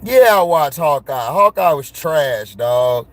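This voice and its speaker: Blunt, slangy man ranting slowly. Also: fairly high pitch, expressive, no echo. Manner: blunt, slangy, laughs and gets worked up. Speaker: vlogger. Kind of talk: casual rant to viewers.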